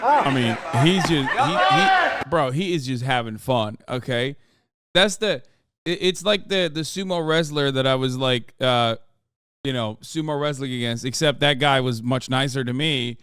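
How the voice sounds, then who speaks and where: A man streaming his reaction to a video, excitable and rambling and swearing a lot. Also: medium pitch, normal speed, smooth, no echo, clean studio sound. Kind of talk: casual reaction commentary.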